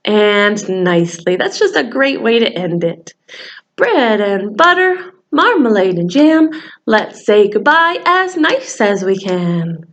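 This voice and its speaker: A woman librarian leading a children's story time, reading aloud with lively expression and singing a simple goodbye song. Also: fairly high pitch, slow pace, muffled recording. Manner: animated storytelling, sings a call-and-response song.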